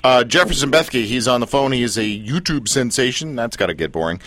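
A man's voice: mid-range voice, expressive, fairly quick, fairly bright tone, slight background noise. A male radio show host interviewing a guest in a joking, teasing way, laughing often.

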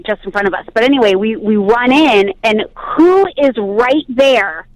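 A woman's voice: on the high side, lively intonation, moderate pace, no room sound, poor audio. A woman in her forties telling a bubbly story by phone from her car, chatting as a radio guest. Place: car on the road.

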